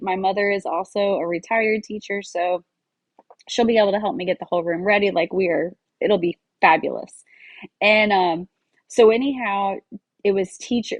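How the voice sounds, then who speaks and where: An American woman in her forties hosts a podcast, telling a personal story in a loose, chatty way. She drops in fillers and acts out quoted lines as she goes. Her voice sits at an ordinary middle pitch, recorded close and dry with no room sound. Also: a little mellow, no room sound. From United States. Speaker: podcast host. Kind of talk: casual storytelling monologue.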